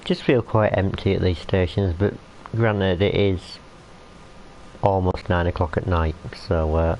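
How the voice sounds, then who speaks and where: A young man with a low, creaky, darkish voice rambles chattily while streaming a train game, talking to the on-screen characters. His intonation stays fairly even and he's in no hurry. The recording is muffled and lo-fi, with a faint hiss.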